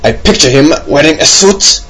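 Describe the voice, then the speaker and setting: A man's voice: on the high side, lively intonation, normal speed, a bit bright, husky, poor audio. A man reading out a listener's message in a put-on German accent, stiff and exaggerated. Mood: mock formal. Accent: mock German. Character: male listener read in mock German accent.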